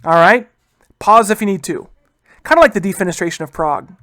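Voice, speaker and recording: A man's voice: high voice, lively intonation, pushed and bright, dry recording. Casual man teaching history, dry sound. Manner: casual, keeps addressing listeners as guys; acts out historical figures in quick asides. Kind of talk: recorded history lecture.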